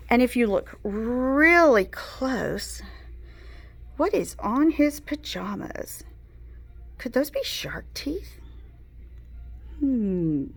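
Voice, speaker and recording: A woman teacher running an online class and reading a story aloud, gentle and explanatory. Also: fairly high pitch, vocal fry.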